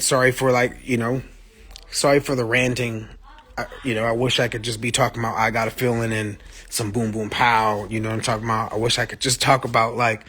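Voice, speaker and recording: A musician streams live to fans from his phone, delivering a casual monologue in a mid-range voice that is pushed and bright with a breathy edge. He's blunt and profane, speaking passionately and answering viewer comments as they arrive.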